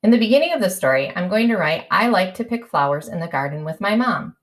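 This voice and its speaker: A woman's voice: lowish voice, very animated, quick pace. Sing-song woman teacher stretching out sounds. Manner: coaxing, asks children to spell along. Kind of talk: early-grade writing lesson.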